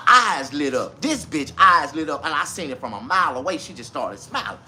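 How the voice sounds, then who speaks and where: Style: rambling, profane comic monologue. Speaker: man in his forties. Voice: lively pitch. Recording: noisy ambient. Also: brisk. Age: 40s. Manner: rambling, profane, laughs through his own punchlines. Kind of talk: crude storytelling monologue.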